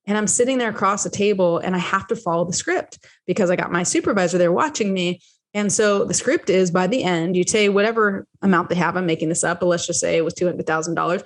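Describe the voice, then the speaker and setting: A woman hosting her own podcast, coaching listeners in a chatty, animated way and slipping into lively voices when she quotes people. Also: lowish voice, fast talker. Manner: repeats and restarts phrases while explaining. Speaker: podcast host and business coach. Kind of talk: solo podcast teaching.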